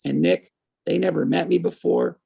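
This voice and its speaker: A man in his fifties, a guest on an interview show, telling his story in a lively way and acting out the voices of people he quotes. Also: fairly high pitch, normal speed, gravelly, husky. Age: 50s.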